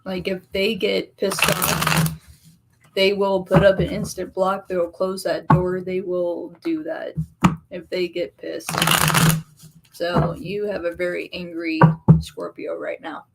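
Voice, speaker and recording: A woman reads tarot for her live viewers in a slow, easygoing way. She chats casually and teases her audience. The recording carries a clear layer of noise behind her. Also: on the low side, flat delivery. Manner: chatty, teasing, laughs easily. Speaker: tarot reader on a livestream. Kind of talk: casual live-stream chat.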